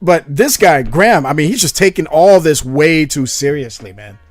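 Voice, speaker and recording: A man hosting a commentary channel, reacting to a debate clip with animated, sarcastic asides. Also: a little high, moderate pace, no echo, soft background music.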